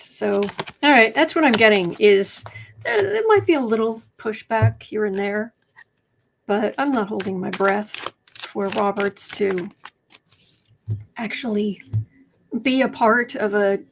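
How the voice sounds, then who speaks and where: A woman's voice: medium pitch, vocal fry, slight background noise. A woman doing casual livestream commentary as a tarot reader and political commentator, chatty and sardonic, reading viewer comments aloud.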